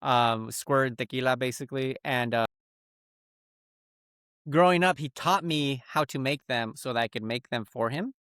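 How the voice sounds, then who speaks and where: A man's voice: mid-range voice, moderate pace, smooth, dry recording, studio quality. A Mexican-American man in his thirties, a podcast co-host telling stories in casual chat, swearing freely and acting out what others said. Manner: animated storyteller, acts out quotes, swears freely.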